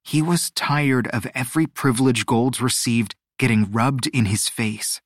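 A man narrating a storybook audiobook, expressive and measured. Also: medium pitch, no echo, clean studio sound. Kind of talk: scripted narration.

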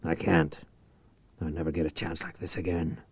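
A man's voice: low voice, flat delivery, normal speed, a little mellow, breathy edge, no room sound, pitched below the performer's own voice. A man doing a growling, scowling schemer. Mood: grim. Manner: growling, curt. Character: ruthless, driven male schemer.

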